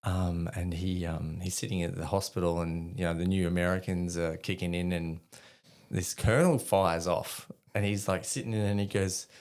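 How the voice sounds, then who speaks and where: A gravelly, fairly low-voiced Australian man in his forties tells a story from his army days as a podcast guest. He talks casually, laughs often and jumps up high when he acts out other people's voices. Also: steady tone, moderate pace, a little mellow.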